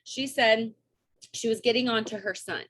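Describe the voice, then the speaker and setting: A woman, coaching her sales team on a video call in an energetic, chatty way and often checking in with "right?" and "okay?". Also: a little high, normal speed. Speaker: network marketing coach.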